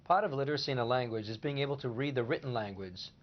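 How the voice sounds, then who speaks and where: A man explains a scripted language lesson in a steady, even voice. His pitch is mid-range for a man. The recording sounds a bit muffled and lo-fi. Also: fast talker. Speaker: language teacher co-host.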